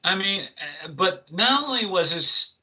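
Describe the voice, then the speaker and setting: A man co-hosts a casual entertainment chat show. His voice is very bright and edgy, and he rambles through restarts and fillers as he talks. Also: high voice, expressive, a little slow, low-quality recording. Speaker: co-host.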